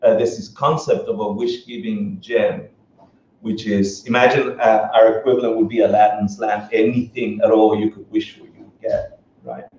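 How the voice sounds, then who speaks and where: Guy teaching a relaxed buddhism class, cracks jokes, dark tone, dull roomy sound from far off. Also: lowish voice, moderate pace. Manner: joking and animated, laughs often. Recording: echoey dull room recording from afar.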